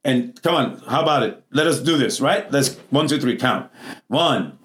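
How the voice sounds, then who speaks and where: A man's voice: medium pitch, normal speed, fairly bright tone. A middle-aged man preaching a Pentecostal sermon in a church, calling out to the congregation, in non-native English phrasing. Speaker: pastor.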